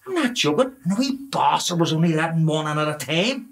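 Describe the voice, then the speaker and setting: An actor playing a grumpy, swearing middle-aged working-class dad with a Belfast accent, grumbling about lockdown rules. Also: male voice, a little high, very animated, fairly quick, gravelly. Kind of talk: comedy drama acting.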